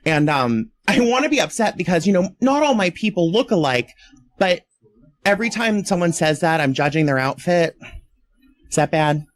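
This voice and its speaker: A man doing a chatty stand-up set on a club stage, self-mocking and quick to jump into shrill voices for the people he quotes. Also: expressive. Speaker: stand-up comedian.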